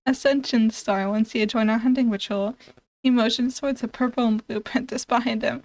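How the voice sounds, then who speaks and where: A woman's voice: a little high, steady tone, moderate pace. A young woman streaming a browser game, chatting casually and reading its text aloud with frequent giggles and stumbles.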